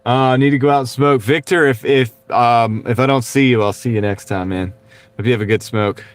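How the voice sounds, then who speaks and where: A man's voice: mid-range voice, fairly even intonation, brisk. Chatty Texan man streaming from his car. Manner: chatty, laughs often, reads out viewer comments. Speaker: livestreaming delivery driver. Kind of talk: casual livestream chat. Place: car, while driving. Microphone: wireless clip-on mic.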